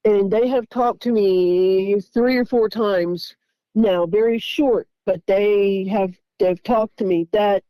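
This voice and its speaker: A woman, telling her own story in a casual, halting way, with frequent restarts. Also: mid-range voice, no echo, muffled recording. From Tennessee. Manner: halting, repeats words, restarts sentences.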